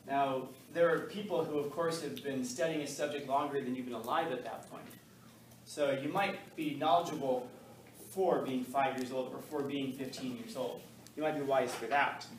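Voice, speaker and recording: A middle-aged male high school teacher leading a class discussion and telling a story, animated, laughing, and acting out voices. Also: normal speed, slight background noise. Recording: echoey classroom from far off, faint ambience.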